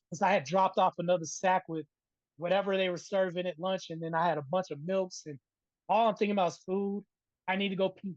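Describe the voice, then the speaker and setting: A middle-aged man telling a personal story in a casual interview, animated and checking in with "right?" over and over. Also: high voice, no echo, dull audio. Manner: animated, keeps adding "right?". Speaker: interview guest.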